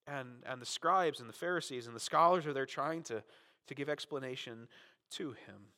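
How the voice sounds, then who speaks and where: A man preaching a sermon as pastor, talking conversationally, often adding "right?", and dramatizing quotes with sudden swings in loudness. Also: medium pitch, moderate pace. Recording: long reverb of a large hall.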